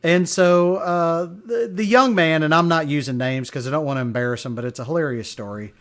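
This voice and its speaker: A man's voice: fairly high pitch, fairly quick, a bit bright. A man hosting a casual podcast monologue, telling stories in a rambling way with chuckles and lots of fillers. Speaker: podcast host.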